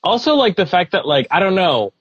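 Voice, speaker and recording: A man's voice: high voice, very animated, a little fast, slightly rough, no echo, highs cut off. A man co-hosting a podcast in casual chat, effusive and emotional, swearing freely. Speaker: podcast co-host.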